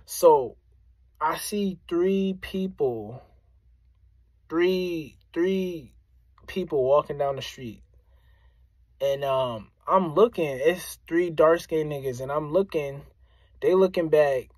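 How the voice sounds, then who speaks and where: Casting: male rapper from Springfield, animated story to camera, a bit high, no room sound. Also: slow, long pauses, no echo. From Springfield, Massachusetts, US. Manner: animated, addresses listeners directly, repeats phrases for emphasis. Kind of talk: casual storytelling to viewers.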